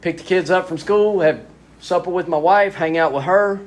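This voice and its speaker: A man giving a lively, self-mocking recovery talk as a speaker at a men's spiritual retreat. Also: high-pitched, moderate pace. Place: retreat gathering.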